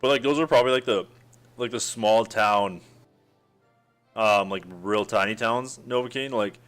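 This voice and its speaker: A man with a Western Canadian accent talks loosely to his stream chat, his low voice smooth and resonant. He wanders through thoughts with plenty of "like" and "um" and breaks into little laughs. Faint music plays behind him. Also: moderate pace, a bit bright. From Alberta, Canada. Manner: rambling, filler-heavy, chuckles often. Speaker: streamer chatting with viewers.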